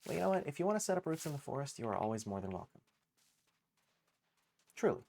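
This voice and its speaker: A man's voice: medium pitch, big pitch swings, fast talker, creaky, a little mellow. A man streaming a game live, chatting casually in a rambling, self-mocking way and swearing freely. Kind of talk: casual gaming livestream chatter.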